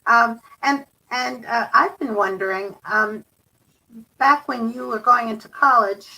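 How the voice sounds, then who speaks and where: A woman moderator reads out audience questions in a bright, clear voice, pausing on frequent fillers. Her voice is picked up from a distance, so it sounds a little removed. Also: a little high. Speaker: moderator reading viewer questions. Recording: distant mic.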